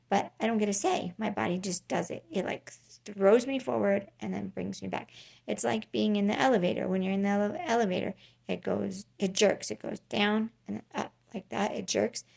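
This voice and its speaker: A woman talking casually to camera in a personal vlog, pausing often with ums and restarts, earnest and a little tired. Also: medium pitch, steady tone, creaky, darkish tone. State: tired, unwell. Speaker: vlogger.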